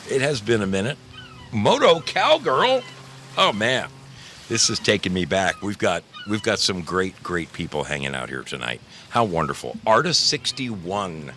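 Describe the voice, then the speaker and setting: A man's voice: low voice, expressive, moderate pace, sharp tone, slight background noise. A man hosting a casual livestream, greeting viewers in the chat one by one in a playful, effusive way and calling them darling. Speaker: livestream host.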